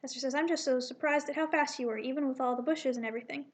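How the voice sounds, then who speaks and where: A woman with a high voice reads through her own comic draft, loosely acting out the characters' lines. She keeps stopping to correct herself and ramble about changes she plans to make. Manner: rambling, self-correcting, with quick asides. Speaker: comic artist reading her draft aloud. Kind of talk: casual read-through of a comic, voicing characters.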